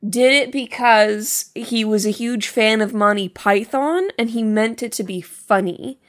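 A woman co-hosting a casual podcast, curious and quick with questions about a film. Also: fairly high pitch. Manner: curious, asks questions, laughs. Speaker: podcast co-host. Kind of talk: casual chat reviewing a film.

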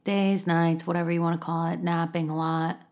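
A woman's voice: lowish voice, little pitch movement, normal speed, darkish tone. A woman telling a candid personal story, chatty and self-deprecating, often acting out both sides of a conversation.

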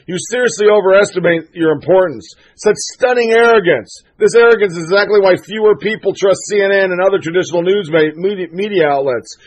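This is a male show host talking alone on his program, with a noticeably high voice. He rants with heat, swears freely and slips into sarcasm as he riffs. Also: rough recording. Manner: fired-up, profane, sarcastic ranting. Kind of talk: solo political commentary monologue.

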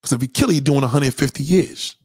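Brief: animated, foul-mouthed male streamer doing comic storytelling, mid-pitched voice, dry close sound. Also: fast talker, slightly rough, no room sound. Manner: profane, animated, shouts out chat viewers. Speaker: livestream host. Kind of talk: comedic storytelling rant on a livestream.

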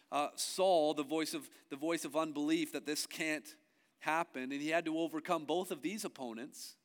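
A male pastor preaching a sermon who moves from low, slow emphasis to loud, rising passages. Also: big-room sound.

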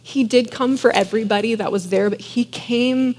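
A woman's voice: a little high, normal speed, a little mellow. Earnest woman in a reverberant room. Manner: earnest, many fillers of "like". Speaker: Christian speaker. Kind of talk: casual devotional talk.

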